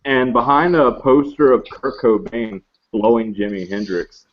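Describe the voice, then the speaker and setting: A man's voice: mid-range voice, a little slow. Rambling male game master. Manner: rambling, self-correcting, joking. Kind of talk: narrating a tabletop game. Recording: muffled lo-fi recording.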